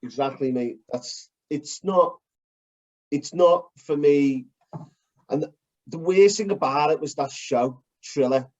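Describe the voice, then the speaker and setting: A man co-hosting a casual chat, blunt and animated, swearing as he breaks down fight technique. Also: fairly high pitch, slow. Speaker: podcast co-host. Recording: dull lo-fi recording.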